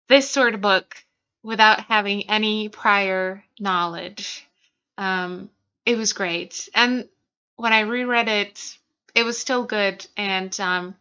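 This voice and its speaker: Chatty woman with a bright, clear voice. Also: mid-range voice, lo-fi sound. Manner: chatty, self-conscious, many fillers and restarts. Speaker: book vlogger. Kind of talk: casual chat. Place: small room at home.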